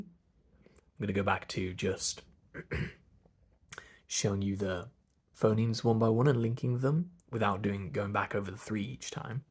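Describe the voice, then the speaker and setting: A man's voice: lowish voice, slightly rough. A man with an English RP accent, coaching pronunciation by drilling sounds one at a time and explaining them. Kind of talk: slow pronunciation lesson.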